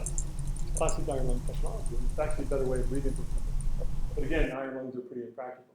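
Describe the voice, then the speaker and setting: A man's voice: mid-range voice, racing. Middle-aged man lecturing in an echoey hall. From Canada. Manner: lively storytelling, acting out quoted exchanges. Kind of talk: conference lecture with anecdotes. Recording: very echoey hall with faint noise.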